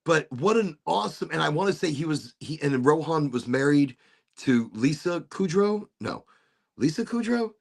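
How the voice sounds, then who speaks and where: A man's voice: a little high, sing-song, normal speed, gravelly. A man hosting a casual chat, telling rambling stories and laughing often. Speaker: podcast host.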